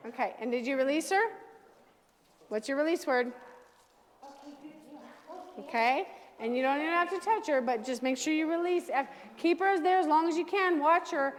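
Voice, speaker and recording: A woman dog trainer leading a hands-on class, giving brisk, direct commands to owners and their dogs. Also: sits high, lively intonation. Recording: long reverb from a large room.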